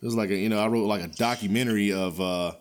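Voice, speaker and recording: A man's voice: fairly low pitch, fast talker, a crowd in the background. Profane, ranting male podcast host. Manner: blunt, profane, animated ranting with frequent chuckles; loose, rambling delivery with many restarts and fillers. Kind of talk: casual ranting podcast commentary.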